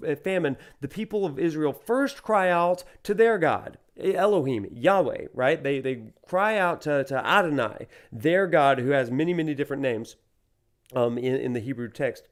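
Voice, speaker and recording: Casting: a Southern US man, a professor lecturing over gameplay, chatty and rambling, with a mid-range voice. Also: mid-range voice. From Alabama, USA. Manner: animated, rambling and full of fillers. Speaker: university professor.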